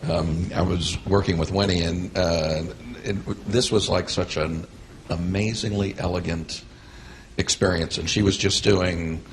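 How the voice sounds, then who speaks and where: A workshop participant, a man, sharing his experience in a halting way, searching for words. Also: low-pitched, steady tone, a little hiss or hum.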